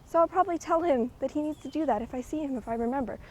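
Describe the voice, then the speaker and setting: Young girl vlogging on the walk to work, high voice, kinda breathless, rambles w/ tons of um and like. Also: very fast, rough recording. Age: young adult. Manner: rambling, chatty, lots of fillers. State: slightly out of breath from walking. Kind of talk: rambling walking vlog. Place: outdoors, walking to work. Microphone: handheld recording device with clip mic.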